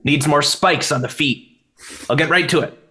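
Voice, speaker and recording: A man's voice: fairly high pitch, moderate pace, pushed and bright. A man playing an odd little doctor who speaks in clipped, broken phrases. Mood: blunt.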